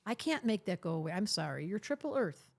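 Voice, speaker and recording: Lively, emphatic older woman astrologer. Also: medium pitch, brisk, gravelly. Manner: emphatic, teasing, acts out quoted voices. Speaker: astrologer, guest. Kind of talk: podcast interview conversation.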